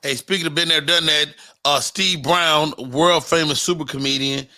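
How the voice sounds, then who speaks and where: A man's voice: on the high side, fairly even intonation, normal speed, bright, forceful tone, no room sound, studio quality. A man hosting a podcast, chatting casually and bantering playfully with his guest. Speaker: podcast host. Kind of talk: casual chat.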